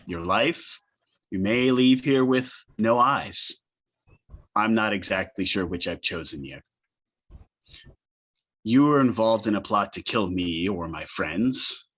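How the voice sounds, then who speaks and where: Guy doing a scary warrior interrogating someone, low, punchy voice, cold and slow threats. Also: a bit bright, full character voice. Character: grim male warrior threatening a captive.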